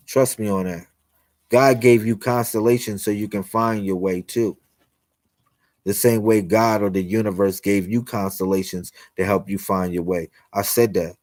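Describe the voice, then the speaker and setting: On his livestream, a young host talks to viewers about God and miracles in a rambling, slangy, repetitive style. His voice is lowish and a touch mellow, recorded with no room sound.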